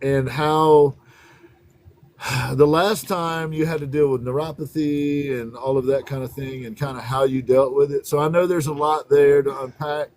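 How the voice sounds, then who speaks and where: Higher-voiced man gently hosting. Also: fairly even intonation, normal speed. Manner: gentle, hesitant questioning. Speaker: host. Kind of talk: casual interview.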